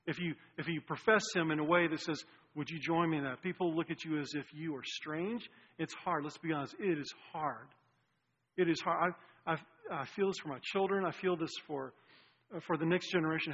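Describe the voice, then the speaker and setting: A man preaching a sermon as pastor, earnest, with restarts and swings between loud and hushed delivery. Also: a little high, breathy edge. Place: church sanctuary. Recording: dull lo-fi sound with long hall reverb.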